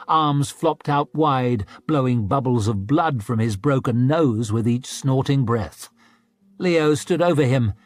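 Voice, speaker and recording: A man reading a fantasy audiobook in a slow, measured, dramatic way. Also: mid-range voice, darkish tone, no echo. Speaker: audiobook narrator. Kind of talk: scripted audiobook narration.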